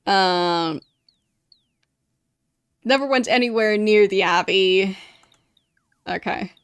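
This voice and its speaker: A woman streaming a retro role-playing game reads its text aloud and mutters wry, sarcastic asides in a quiet voice. Her mid-range voice is clear and resonant, she takes things slowly, and there's no room sound.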